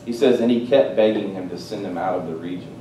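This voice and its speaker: A man preaching a sermon, swinging between loud, excited exclamations and hushed, quiet asides. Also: fast talker. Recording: roomy, distant mic with faint rumble.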